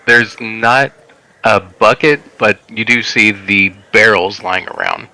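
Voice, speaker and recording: Guy dm running a tabletop game, slow and halting, low voice with a sharp bright edge. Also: rough recording. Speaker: game master.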